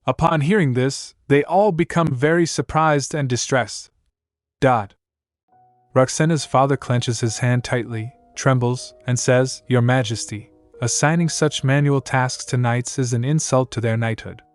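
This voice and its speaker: A man narrating a manhwa recap, reading the story and the characters' lines in one steady voice. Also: mid-range voice, unhurried, no room sound, faint music behind.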